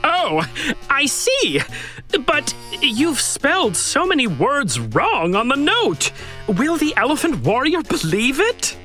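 A woman voicing a timid, slow-witted male sidekick in a children's audio story, hesitant and fretful. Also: sits high, huge pitch swings, fairly bright tone, soft background music, full character voice. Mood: doubtful.

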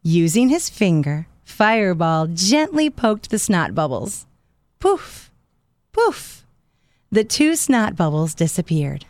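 Slow, gentle woman storyteller. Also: fairly low pitch, no room sound. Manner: gentle, clear, expressive storytelling. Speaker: narrator. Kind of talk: children's storybook narration. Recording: dry studio voice.

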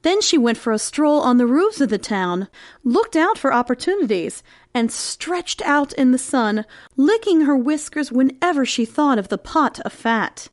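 A woman narrating a fairy tale in an expressive, sing-song storytelling manner. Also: sits high, a little slow, no room sound, clean studio sound.

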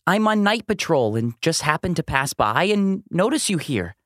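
A woman's voice: low voice, moderate pace, no room sound, studio quality. A woman voicing a patient, protective dog sheriff who teaches children about safety, in a cartoon. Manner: calm, instructive.

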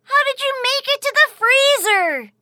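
A woman's voice: extremely high pitch, animated, measured pace, bright, forceful tone, no echo, studio quality, full character voice. A woman voicing a brave, cheerful little boy in a children's audio story, eager and full of exclamations. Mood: excited.

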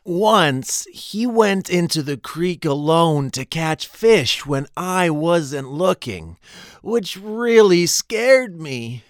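A gentle, chuckling old grandpa mouse talks very slowly in a medium pitch. Fond and reminiscing, close and dry. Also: expressive, dry recording.

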